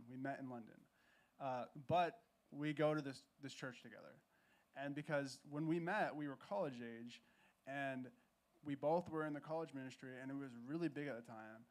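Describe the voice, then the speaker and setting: A man appearing as a guest on a church stage, telling his story in a relaxed, conversational way, correcting himself as he goes and joking along with the host. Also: on the high side.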